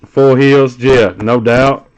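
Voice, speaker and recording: A man's voice: mid-range voice, steady tone, slow pace, a little mellow, smooth, dull audio. A middle-aged man casually chatting on a live stream while opening trading card packs, teasing a viewer in a joking, profane way.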